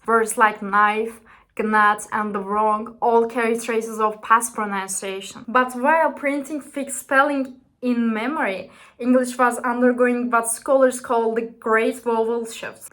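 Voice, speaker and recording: A woman's voice: on the high side, fairly bright tone. A woman with a Turkish accent, whose first language is Turkish, narrating a scripted explainer carefully and earnestly, with some non-native phrasing. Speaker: educational video creator.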